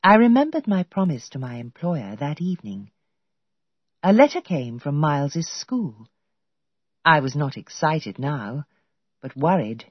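A woman narrating a storybook in a clear, measured reading voice. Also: low-pitched, no echo. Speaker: audiobook narrator. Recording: dull lo-fi audio.

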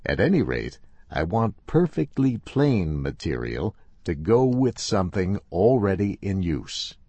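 A man reading a first-person story aloud in a slow, expressive way. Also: deep voice, dry recording, dull audio. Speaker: narrator.

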